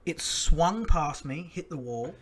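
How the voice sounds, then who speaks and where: An Australian man co-hosting a casual sports podcast, telling crude stories with animated delivery. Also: on the high side, takes it slowly. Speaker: podcast co-host.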